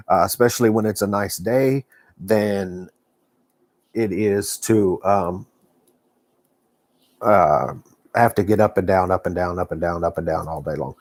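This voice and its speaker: Texan man, folksy rambling live-stream host, lowish pitch, dry close sound. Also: darkish tone, dry recording. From Texas. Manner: rambling, folksy, many fillers and restarts. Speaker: knitting vlogger. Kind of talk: casual live-stream chat. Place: home living room.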